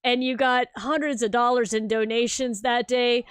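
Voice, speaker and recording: Effusive woman host, smooth voice. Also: on the high side, steady tone, normal speed, no room sound. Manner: effusive and encouraging. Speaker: host and founder. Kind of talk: interview hosting.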